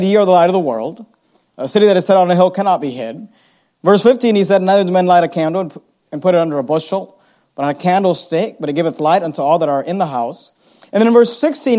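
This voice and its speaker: A man preaching a sermon as pastor, reading scripture aloud and slowing down to stress key words. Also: sits high, dark tone. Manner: reads scripture aloud, slows down for emphasis.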